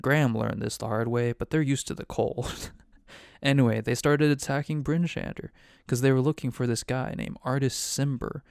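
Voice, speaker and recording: Gravelly, smooth-voiced casual game master. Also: male voice, medium pitch, fairly even intonation, moderate pace, a little mellow, dry recording, clean studio sound. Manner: rambling, loose and profane, heavy on "like". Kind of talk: casual recap of a tabletop game.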